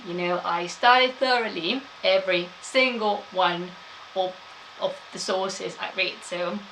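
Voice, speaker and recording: A woman's voice: mid-range voice, measured pace, a bit bright, a little hiss or hum, poor audio. A woman gives a chatty live-streamed history talk, laughing often and answering chat.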